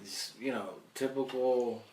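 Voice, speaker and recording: A man's voice: mid-range voice, fairly even intonation, a little slow, darkish tone. A man on a comedy podcast chatting in a laid-back way, swearing freely. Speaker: podcast co-host. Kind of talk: casual podcast chat. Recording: echoey room, distant mic, faint hiss.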